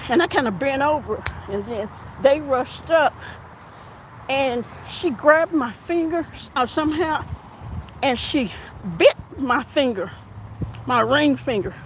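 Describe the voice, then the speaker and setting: A woman police officer telling a story while walking outdoors, animated and acting out the back-and-forth. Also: sits high, unhurried, a little hiss or hum, poor audio. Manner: animated, acts out quoted exchanges. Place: outdoors on an urban street.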